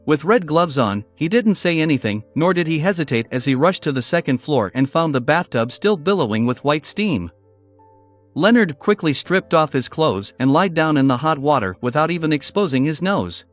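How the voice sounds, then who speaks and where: Audiobook narrator, male, fairly high, very lively intonation. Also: normal speed, faint music behind. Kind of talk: audiobook narration of a fantasy novel.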